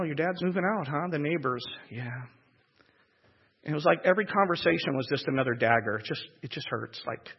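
A man telling a personal testimony in an emotional, halting way, repeating words as he goes. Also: on the high side, slightly rough. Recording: echoey hall, dull lo-fi sound.

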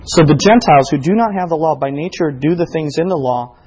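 A male preacher delivering a sermon, reading scripture and then pressing his points with climbing emphasis. His voice sits a little high for a man, with a husky, slightly breathy edge. He talks straight to his congregation, often acting out the questions he puts to them. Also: a little fast, darkish tone. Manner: preaching with rising emphasis and quoted exchanges. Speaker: pastor.

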